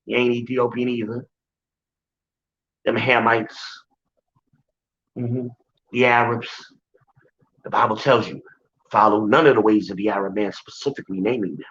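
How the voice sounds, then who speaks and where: Heard on a muffled lo-fi recording, this man's mid-range, slightly bright voice keeps a fairly even intonation and a moderate pace with long pauses. He's a Bible teacher who drives his points home informally, repeating them and speaking straight to his audience.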